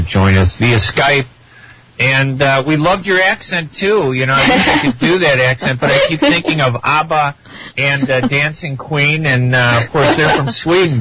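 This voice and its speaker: A man with a Chicago accent co-hosting a radio show, joking and relaxed. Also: medium pitch. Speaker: radio co-host. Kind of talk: radio interview sign-off. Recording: muffled radio audio with clear hiss.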